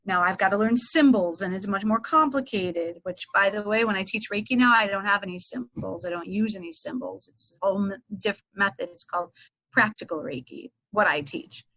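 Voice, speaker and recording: A woman's voice: medium pitch, brisk, poor audio. A middle-aged woman, a Reiki teacher and guest, casually telling a story in an interview and acting out past conversations. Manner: animated, acts out past dialogue.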